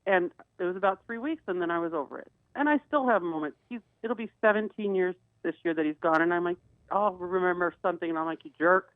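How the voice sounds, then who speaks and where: A woman's voice: fairly low pitch, quick pace, no room sound, phone-quality sound. Woman co-host with a dry, phone-thin sound. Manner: earnest, storytelling, many restarts. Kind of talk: casual radio talk.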